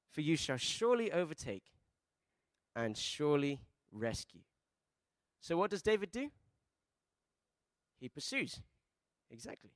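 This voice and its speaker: Male preacher, dry close sound. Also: dry recording. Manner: preaching with rhetorical questions and call-and-response; swings between soft, low asides and loud emphatic peaks. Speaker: pastor. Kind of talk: sermon.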